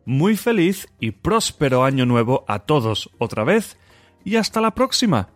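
A man's voice: mid-range voice, big pitch swings, normal speed, no room sound, faint music behind. A man teaching a short podcast lesson segment, coaching the listener to repeat phrases after him. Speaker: language teacher.

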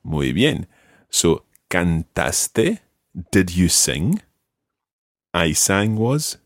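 Low-voiced patient male Spanish teacher. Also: big pitch swings, very slow, no echo, clean studio sound. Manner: patient, repeats words for the student. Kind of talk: one-to-one language lesson.

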